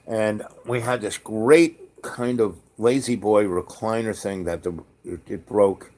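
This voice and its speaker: A man's voice: on the low side, slow, darkish tone. A man telling a story in a loose, rambling way, with many restarts and joking asides. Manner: rambling, full of fillers and restarts, jokey asides. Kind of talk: casual spoken storytelling.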